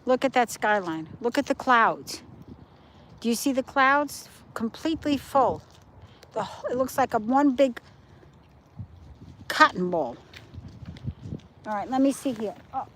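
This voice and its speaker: A woman's voice: on the high side, expressive, measured pace, pauses often, a bit bright, a little hiss or hum, poor audio. A middle-aged woman chatting casually to livestream viewers on her phone while walking her dog by the ocean at night. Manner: chatty, points things out to viewers. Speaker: livestream host. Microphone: phone held while walking.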